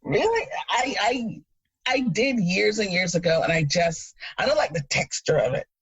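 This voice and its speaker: A woman in her thirties from Jamaica, co-hosting a podcast and chatting casually, an animated storyteller who laughs often. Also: medium pitch, normal speed, breathy edge, dry recording, poor audio. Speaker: podcast co-host. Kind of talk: casual chat.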